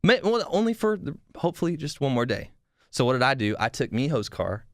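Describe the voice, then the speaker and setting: A young man spins a long, rambling story for his podcast, getting louder and more worked up as he goes, swearing freely and restarting his sentences. His voice sits at an ordinary middle pitch. The sound is dry and close, with no room echo. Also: big pitch swings, a little fast. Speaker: podcast host. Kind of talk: casual storytelling.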